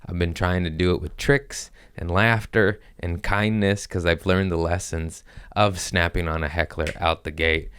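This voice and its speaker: Comedian host, deep smooth male voice, profane storyteller, dry close mic. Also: steady tone, moderate pace, fairly bright tone, no echo. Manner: profane storytelling with acted-out quotes. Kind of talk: casual podcast chat.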